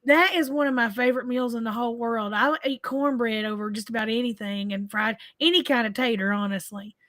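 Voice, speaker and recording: A woman co-hosting a podcast in casual chat, chatty and expressive. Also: a little high, a little fast, dry recording. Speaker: podcast co-host.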